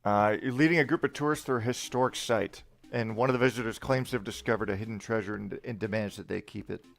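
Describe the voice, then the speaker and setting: A man's voice: on the low side, fast talker, gravelly, soft background music. A man directing an improv scene in a game, hesitant with many fillers. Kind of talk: casual game narration.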